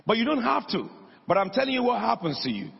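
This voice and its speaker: A man's voice: very high voice, big pitch swings, fast talker, gravelly, slightly rough. A man preaching a sermon in a church hall, emphatic and calling out to his congregation. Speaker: pastor. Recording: dull lo-fi recording in a long-reverb hall.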